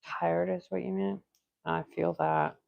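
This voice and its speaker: A woman's voice: lowish voice, flat delivery, a little slow, vocal fry, dry recording, phone-quality sound. Congested woman chatting on a livestream. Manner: chatty, greets viewers by name. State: congested from a cold. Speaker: livestream host doing nail art. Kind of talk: casual livestream chat with viewers.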